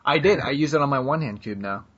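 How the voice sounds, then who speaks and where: A man's voice: medium pitch, expressive, fast talker, a bit bright, slightly rough. A man co-hosting a podcast, chatting casually and rambling with lots of fillers and laughs. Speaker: podcast co-host. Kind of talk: casual chat. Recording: dull lo-fi sound.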